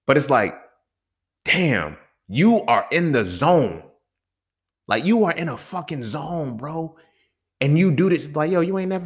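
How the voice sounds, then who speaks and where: A man's voice: medium pitch, sing-song, moderate pace. A young man hosting a solo podcast, talking in a heated, profane way and often asking the listener if they feel him. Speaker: podcast host. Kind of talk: casual monologue.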